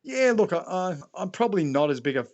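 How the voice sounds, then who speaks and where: Fast-talking Australian man telling stories. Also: high voice, very animated, darkish tone, muffled recording. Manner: rambling anecdotes full of "you know" and restarts. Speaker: guest, retired rugby league player. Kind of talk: casual podcast chat, storytelling.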